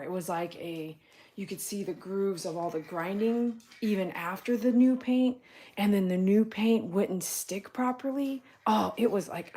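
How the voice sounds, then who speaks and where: A middle-aged woman, chatting casually on a livestream, full of filler words and loud bursts when calling her dogs. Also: on the low side. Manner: chatty, storytelling, lots of "like" fillers. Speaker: dog groomer and small business owner. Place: home patio.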